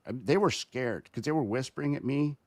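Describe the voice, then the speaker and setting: A man telling a story as a podcast guest, rambling and animated, with frequent restarts. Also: mid-range voice, brisk, dry recording. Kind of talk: casual podcast chat.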